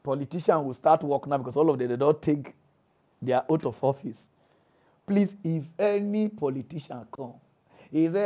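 A man with a Nigerian Pidgin English accent, giving animated comic commentary and laughing between his lines. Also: fairly high pitch, moderate pace. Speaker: comedian.

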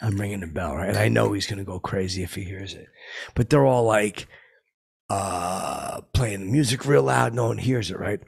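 A man telling a rambling, halting story in a deadpan way, full of fillers and sound effects, as a boastful hanger-on. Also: on the low side. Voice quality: gravelly, husky. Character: dim, boastful washed-up male hanger-on telling tall tales. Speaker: comedy podcast host in character.

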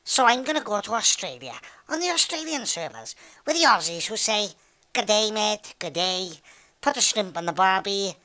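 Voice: mid-range voice, expressive, normal speed, pushed and bright. A performer voicing a bossy, foul-mouthed Welsh man who barks orders at other players in an online game, speaking into a headset mic. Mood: ranting. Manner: bossy, swearing, barking orders. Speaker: gaming video host. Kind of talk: comedic in-game role-play.

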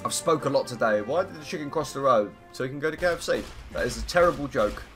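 A man with a croaky voice chatting through live gameplay commentary, greeting viewers and humming between lines. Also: mid-range voice, expressive, fast, music in the background. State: hoarse, croaky voice. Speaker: game streamer. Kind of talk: live gameplay commentary, reading chat aloud.

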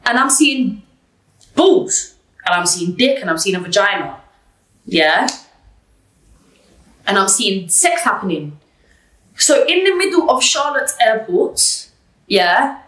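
A woman telling a personal story in an interview, blunt and animated, swearing freely. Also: medium pitch, takes it slowly, pauses often. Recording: roomy, distant mic.

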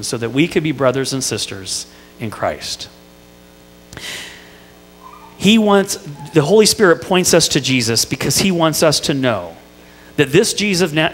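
In a church sanctuary that sounds like a large hall, a middle-aged male pastor from Indiana preaches a sermon in a fairly high voice. He tells family stories and tosses playful asides to the congregation.

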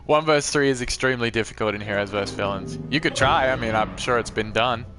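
A man's voice: mid-range voice, a bit bright. A man hosting a live gameplay stream in a casual, chatty way, talking to viewers and reacting to the game as he plays.

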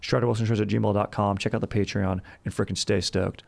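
Young man, podcast host, gravelly, low-pitched, rowdy jokey delivery. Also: flat delivery, brisk. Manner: loose, rowdy, jokey with sudden shouted bursts. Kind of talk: comedic history podcast.

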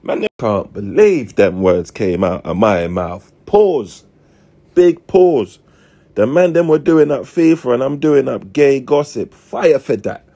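A man's voice: mid-range voice, animated, unhurried, vocal fry, hardly any pauses, mellow. A young man hosting a comedy show, delivering slangy, mock-dramatic commentary in which he pokes fun at himself. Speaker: host. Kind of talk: comic commentary.

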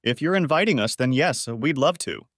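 A man voices a frank, teasing woman while narrating a story with spoken dialogue. His mid-range voice is expressive and close to an everyday sound, delivered at a moderate pace in a clean studio recording with no room sound.

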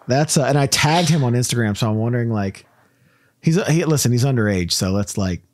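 A man's voice: mid-range voice, expressive, a little fast, slight background noise. A man hosting a casual podcast, telling rambling stories and laughing through his own jokes. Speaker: podcast host.

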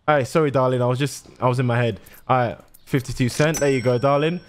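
A young man gives casual, excitable game commentary, swearing often and talking to his chat. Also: mid-range voice, a little fast, few pauses. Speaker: gaming streamer.

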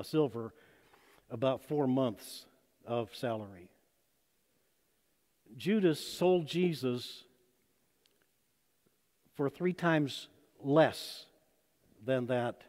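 A pastor preaches from the pulpit, his voice a bit higher than most men's. He tells his story with lively acted-out voices, rising loud and dropping to a hush. The sound carries a long church reverb. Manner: storytelling, acts out quoted voices with sudden loud and soft turns. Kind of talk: sermon. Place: church sanctuary.

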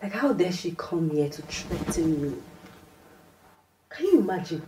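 A woman's voice: fairly low pitch, big pitch swings, a little slow, dark tone, low-quality recording. An actress with a Nigerian accent playing a wronged, defiant young woman who rants indignantly. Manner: indignant, bursts into pidgin.

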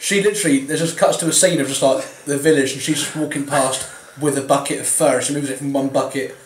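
A man's voice: medium pitch, steady tone, quick pace. A man rambling casually through his film notes and laughing at his own jokes. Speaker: film reviewer. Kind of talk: casual chat. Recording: echoey room on a tablet, hiss.

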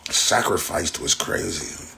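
Against a noisy background, a young man from Inglewood, Los Angeles, hosts a livestream in a low, gravelly voice, taking it slowly. His casual rant is profane, boastful and repetitive, broken by frequent laughter.

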